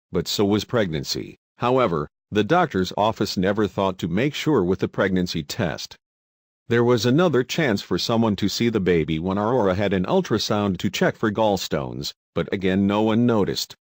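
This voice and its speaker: Low, dry-voiced man narrating a countdown. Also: animated, normal speed, no room sound. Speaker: list narrator. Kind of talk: scripted voice-over narration.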